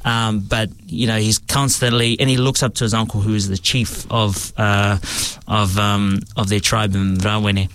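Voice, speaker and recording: A man's voice: fairly low pitch, normal speed, hardly any pauses, clear, resonant tone, no echo. A man from New Zealand's East Coast with a New Zealand accent, a stage actor chatting relaxedly about his roles. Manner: relaxed and chatty, with many fillers and restarts. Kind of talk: casual interview talk.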